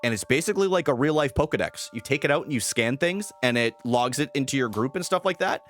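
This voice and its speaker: A man's voice: mid-range voice, lively intonation, fast talker, a bit bright, faint music behind. A young man chatting casually on a live stream, greeting viewers and rambling with fillers.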